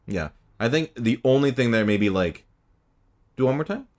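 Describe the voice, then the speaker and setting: A man's voice: medium pitch, expressive, moderate pace, a little mellow. A man hosting a casual podcast chat, modest and hesitant, with lots of fillers. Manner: modest, self-doubting, hesitant with many fillers. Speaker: podcast host.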